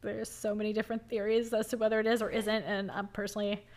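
A woman co-hosting a podcast in casual chat, chatty and quick to laugh, often trailing off mid-sentence. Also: medium pitch, level tone. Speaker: podcast co-host.

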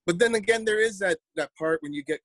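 A man's voice: high-pitched, fast, fairly bright tone, dry recording. A man, a poet telling a story in a casual interview, rambling and repeating words as he acts out quotes.

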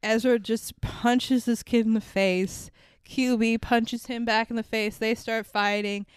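Gal on a movie podcast, higher voice, swears a lot and laughs, smooth dry sound. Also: female voice, level tone, unhurried, no room sound. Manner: profane, laughs often, acts out characters' lines. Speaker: podcast co-host. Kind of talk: casual movie-review chat.

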